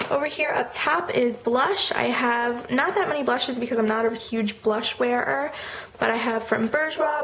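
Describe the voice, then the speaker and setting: A young woman in college, casually walking through her makeup collection and listing products in a chatty way with the occasional filler. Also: fairly high pitch. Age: young adult. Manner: chatty, lists items quickly with fillers. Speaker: beauty vlogger. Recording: echoey room with noticeable noise.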